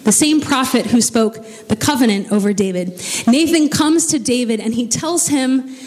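A woman's voice: a little high, normal speed, a little mellow. A woman preacher delivering a sermon, telling the story with casual, joking asides. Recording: long reverb of a large hall.

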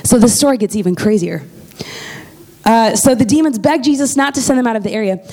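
Conversational woman preacher, fairly high voice. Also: brisk. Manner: lively, conversational, checks in with "okay?". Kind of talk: casual sermon storytelling.

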